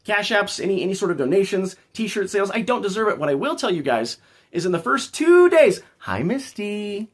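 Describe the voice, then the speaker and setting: A man's voice: sits high, big pitch swings, fairly quick. A man hosting a casual livestream, rambling and joking as he talks back to his chat. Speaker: livestream host.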